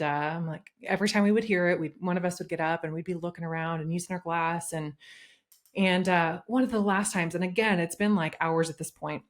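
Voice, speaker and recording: A woman with a slightly low voice tells a story as a podcast guest. Her delivery is casual and lively, and she often slips into acting out what people said.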